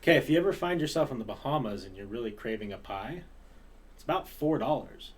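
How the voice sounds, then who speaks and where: A man's voice: medium pitch, lively intonation, fast. A man hosting a casual podcast chat, telling stories and puns with frequent laughter. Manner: tells stories and puns, laughs through them.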